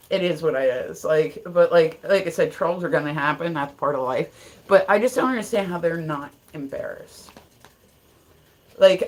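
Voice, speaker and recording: A woman from Ohio hosts a casual livestream, chatting straight into her phone or webcam. Her voice sits a little low for a woman. She talks bluntly, swears freely and stops to greet people in the chat by name. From Ohio, USA. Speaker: livestream host. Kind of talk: casual live-stream chat.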